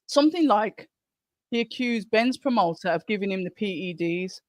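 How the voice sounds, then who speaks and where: A woman's voice: medium pitch, lively intonation, moderate pace, no room sound. A middle-aged woman hosting a live stream, chatting casually and reading viewer comments aloud from home. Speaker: livestream host.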